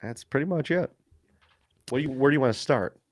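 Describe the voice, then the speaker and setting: Excitable man telling a hunting story. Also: mid-range voice, brisk, no room sound, studio quality. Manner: excited storyteller, says "dude" and "like" a lot. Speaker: podcast co-host. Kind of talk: casual storytelling chat.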